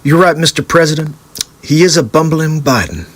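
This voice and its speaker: A man doing an impression of an eager, deferential male vice president who talks quickly. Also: on the high side, lively intonation. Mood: fawning. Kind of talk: celebrity impression on a livestream.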